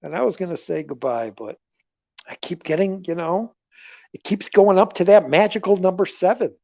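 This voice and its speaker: A man hosting a casual livestream, rambling through stories with animated swings between loud remarks and murmured asides. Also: high-pitched, normal speed, vocal fry, no room sound. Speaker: livestream host. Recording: dull lo-fi livestream audio.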